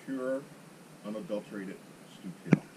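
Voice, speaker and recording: A man's voice: on the low side, moderate pace, heavy background noise. A man guesting on a golf chat show, retelling a round with dry, mock-serious humor. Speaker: guest golfer. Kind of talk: casual chat.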